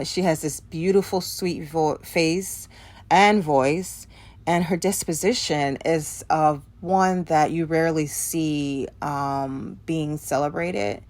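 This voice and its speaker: A woman's voice: low-pitched, darkish tone. A young woman giving a casual spoken movie review, hesitant, with many ums and restarted words.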